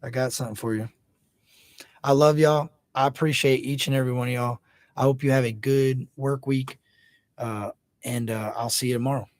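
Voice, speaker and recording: A man's voice: medium pitch, steady tone, moderate pace, no echo. A man in his thirties hosting a casual livestream, chatting loosely and hyping up viewers by name. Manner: laid-back, hypes up viewers by name. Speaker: livestream host.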